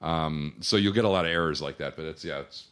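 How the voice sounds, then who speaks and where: A man's voice: rumbling low, fast talker, a bit bright, smooth. A young man co-hosting a casual podcast chat, rambling through a movie plot and laughing often. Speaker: podcast co-host.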